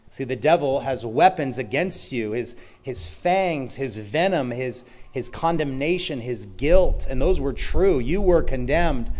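A man preaching a sermon, emphatic, moving between loud declarations and quiet asides, with flashes of sarcasm. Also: medium pitch. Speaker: pastor.

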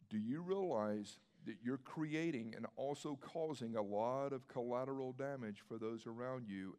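A man's voice: medium pitch, a little mellow. A man pastor preaching a sermon in a conversational way, asking rhetorical questions and repeating his key phrases for emphasis.

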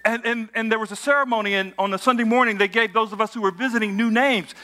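High, bright-voiced preacher telling stories. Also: male voice, steady tone, fast talker. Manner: storytelling with audience call-and-response, rising to shouts of praise. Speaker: pastor. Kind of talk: sermon. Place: church auditorium with congregation.

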